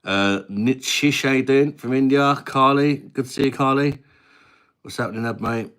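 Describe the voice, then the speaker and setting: A man's voice: medium pitch, moderate pace, fairly bright tone, smooth. A man in his thirties from England, hosting a casual live stream at his mum's house and chatting back to viewer comments in a matey way. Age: 30s. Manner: chatty, matey, reads viewer names aloud. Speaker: livestream host.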